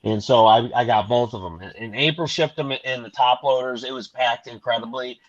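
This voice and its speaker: A man's voice: medium pitch, normal speed, no echo, lo-fi sound. A middle-aged man hosting a casual panel chat, rambling through anecdotes with laughs. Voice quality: bright, animated storytelling. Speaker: host.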